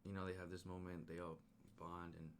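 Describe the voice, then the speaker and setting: A man casually retelling a film's plot in a rambling, animated way, full of slang and restarts. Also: sits low, fairly quick, slight background noise. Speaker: movie reviewer. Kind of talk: casual spoiler movie recap.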